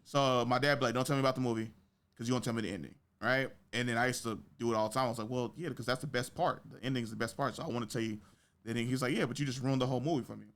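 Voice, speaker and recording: A man hosting a podcast, telling stories in casual chat, slangy and swearing, acting out quotes with big jumps in his voice. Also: racing. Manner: animated storytelling, acts out quotes with big pitch jumps. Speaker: podcast host.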